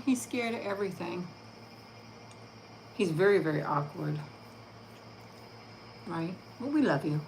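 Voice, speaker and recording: A woman's voice: on the low side, animated, a little slow, vocal fry, pauses often, a little mellow, slight background noise, low-quality recording. A woman hosting her own channel, chatting casually and affectionately with viewers during a live stream. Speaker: channel host.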